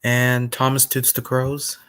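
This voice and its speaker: A man's voice: mid-range voice, monotone, slow, a bit bright, clear, resonant tone. A young man co-hosting a stream, mostly giving brief, agreeing replies in casual chat.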